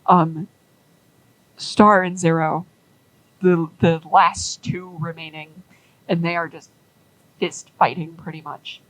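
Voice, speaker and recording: A woman's voice: on the low side, steady tone, slow pace, pauses often, fairly bright tone, rough recording. A woman rambling through a story in casual chat, with lots of "like" and acted-out quotes. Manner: rambling, many "like"s, acts out quoted characters.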